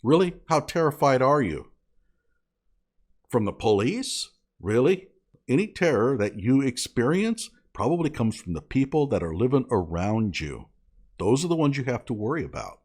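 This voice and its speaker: A man's voice: medium pitch, big pitch swings, normal speed, darkish tone, husky. A man delivering an indignant, sarcastic commentary rant, scolding as he talks. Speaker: online commentator.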